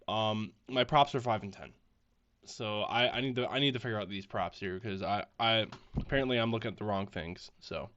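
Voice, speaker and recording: A man's voice: on the low side, moderate pace, fairly bright tone, a little hiss or hum. A man hosting a casual solo podcast, talking with a stuffy, congested nose in a rambling, self-deprecating way that often repeats itself. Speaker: podcast host. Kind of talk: casual solo sports-betting chat. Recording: slightly dull lo-fi audio.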